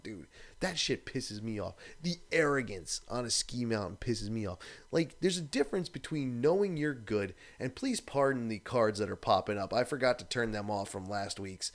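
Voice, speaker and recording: A man's voice: mid-range voice, animated, moderate pace. A man hosting a live stream, ranting in a casual, profane, exasperated way.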